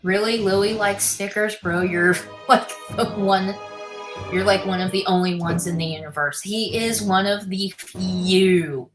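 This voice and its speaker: A woman's voice: medium pitch, fairly even intonation, measured pace. Chatty woman livestreaming over music. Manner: chatty, answers viewer comments aloud; mutters to herself while building. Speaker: livestreamer building a set. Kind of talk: casual livestream chat. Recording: music playing under the voice.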